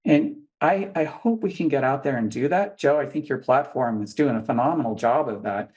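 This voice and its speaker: A man's voice: medium pitch, moderate pace, a little mellow. A man who is a guest on a political talk show and campaigns for office, speaking earnestly and building his points through repetition like a stump speech.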